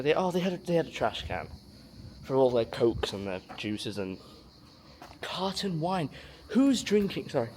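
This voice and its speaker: A man in a casual travel vlog, chatting excitedly as he explores underground ruins and caves. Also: mid-range voice, a little hiss or hum. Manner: chatty, excitable, jumpy about bugs. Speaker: travel vlogger.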